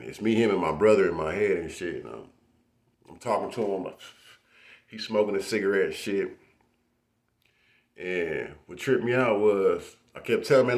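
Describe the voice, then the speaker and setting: A man casually telling a personal story with heavy profanity and street slang, acting out the voices of others. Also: on the low side. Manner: acts out quoted voices.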